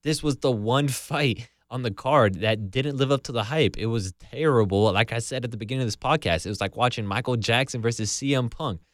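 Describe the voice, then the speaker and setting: A man's voice: medium pitch, no echo. Ranting man hosting a podcast, dry sound. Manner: heated, ranting, heavy swearing. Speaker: podcast host. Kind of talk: profane casual commentary.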